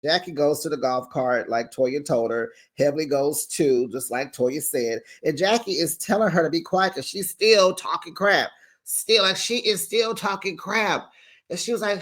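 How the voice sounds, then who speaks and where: Her deep voice moves at normal speed as she hosts a casual reality-TV recap chat. She is chatty and sassy, laughs frequently and performs the quotes she relays.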